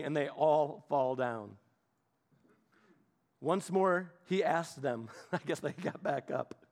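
A male preacher retells a story with playful, animated energy and quick asides to his listeners. His voice sits high and swings widely in pitch, bouncing from hushed narration to bright emphasis.

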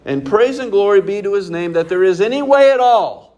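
A male pastor delivering a sermon in a fairly high voice. He talks in a conversational way but leans hard on key points and keeps asking his listeners questions. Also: lively intonation, a little fast, a little mellow. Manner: conversational, emphatic preaching with rhetorical questions.

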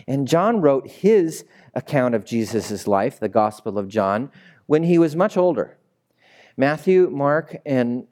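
A younger man preaching in a church sanctuary has a mid-range, slightly mellow voice. His sermon is relaxed and humorous, and he brings the congregation into call-and-response.

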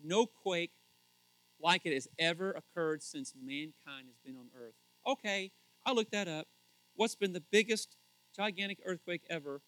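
A middle-aged male pastor preaching a sermon in a joking, animated way, acting out quotes with sudden loud shouts. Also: sits high, normal speed, poor audio.

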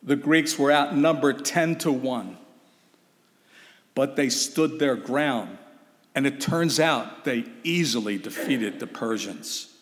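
A man's voice: medium pitch, takes it slowly. A man preaching a sermon, emphatic and urgent, putting rhetorical questions to his listeners. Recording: long reverb of a hall.

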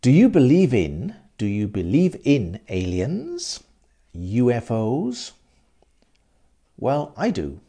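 Slow, gravelly man teaching through a story. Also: medium pitch, wildly swooping pitch, mellow. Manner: repeats words, explains vocabulary. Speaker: English teacher. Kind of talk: storytelling lesson for learners.

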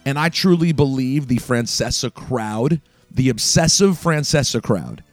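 Speaking directly to his audience, a man hosting a sports talk radio show delivers a ranting, emphatic, opinionated monologue. His voice is medium-pitched and a little mellow, with no echo.

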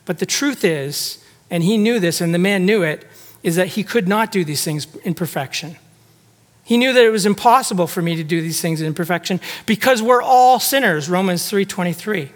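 A man's voice: sits high, expressive, normal speed. A man preaching a sermon in a church, talking conversationally and putting rhetorical questions to the congregation. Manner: acts out quoted speech with shifting tone. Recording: long hall reverb.

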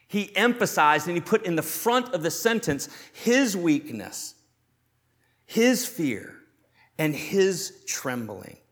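A man's voice: on the high side, fairly bright tone. Earnest male pastor preaching a sermon. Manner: earnest, questioning, shifts between slow emphasis and quick asides.

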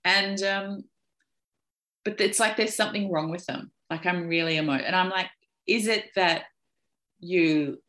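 A woman's voice: low-pitched, fairly bright tone. A woman coach in a casual podcast conversation, chatty, acting out quotes with a laugh.

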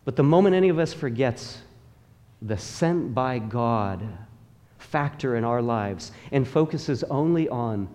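In a church sanctuary, a male pastor delivers a sermon with emphatic, rhythmic repetition, urging the congregation to repeat his words. His medium-pitched voice is expressive, a little slow and slightly mellow. The recording carries the long reverb of a large hall.

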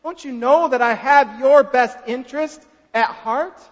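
God speaks as a gentle, loving father, voiced by a male preacher. He pleads in a raised, tender tone. The sound is muffled, with a long echo from the hall. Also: very high voice, a little slow, voice pushed up. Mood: pleading. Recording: dull reverberant hall sound.

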